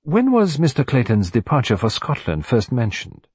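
A precise, formal older detective, as a narrator puts him on, measured and courteous in every question. The voice is a bit husky and moves through a lively range. Recorded dry and close. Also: male voice, mid-range voice, no room sound. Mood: probing.

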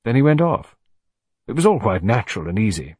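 A man voicing a bluff middle-aged naval commander in an audiobook, talking bluntly and emphatically in a slightly husky voice. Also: medium pitch, big pitch swings, fairly quick, a little mellow, dry recording, studio quality. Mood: recounting.

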